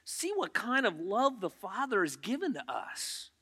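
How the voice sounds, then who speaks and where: A man preaches a sermon to his church in a high-pitched voice. His tone is crisp and very bright, almost piercing. He keeps it conversational, turning to the congregation with quick questions. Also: very animated. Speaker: pastor. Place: church auditorium.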